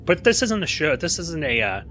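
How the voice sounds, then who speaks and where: A man's voice: on the high side, big pitch swings, a little fast, sharp tone. A man from Kansas raised in Oklahoma, co-hosting a podcast in rambling casual chat. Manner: rambling, self-correcting. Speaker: podcast co-host. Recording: dull lo-fi audio with faint hiss.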